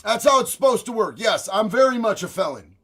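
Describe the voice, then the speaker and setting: High-voiced profane streamer man. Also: expressive, brisk. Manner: profane, gleeful, often shouting. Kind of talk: live-stream reaction commentary.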